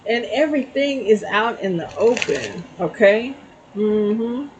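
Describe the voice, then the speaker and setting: A woman's voice: mid-range voice, animated, slow, slight background noise, poor audio. A middle-aged woman giving a casual spiritual tarot reading, telling a story and checking in with "okay?". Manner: chatty, storytelling, frequent "okay?" asides. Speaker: tarot reader.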